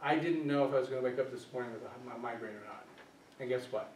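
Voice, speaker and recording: A man's voice: medium pitch, fast, a little mellow. Man lecturing in an echoey room from afar. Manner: engaging, asks the group questions; acts out quoted voices. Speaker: workshop presenter, social worker. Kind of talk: live lecture to a small group. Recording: echoey room from a distance, faint hiss.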